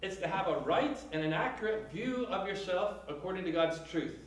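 A man's voice: sits high, lively intonation, normal speed. A man preaching a sermon with emphatic delivery and rhetorical questions, speaking to a congregation. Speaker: pastor. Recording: echoey room, mic at a distance.

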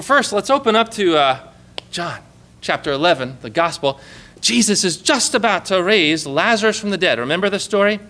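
A man's voice: on the high side, sharp tone. A man preaching to his congregation in a conversational sermon, asking rhetorical questions and reading scripture aloud. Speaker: pastor.

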